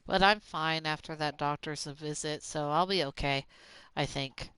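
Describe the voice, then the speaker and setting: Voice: mid-range voice, a little slow, sharp tone, slight background noise. A streamer with a Southern country accent, chatting casually while playing a game and talking to things in it. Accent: Southern US, Oklahoma-Texas country. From Southern United States. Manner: rambling, talks to the game as they play. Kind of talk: casual gaming commentary.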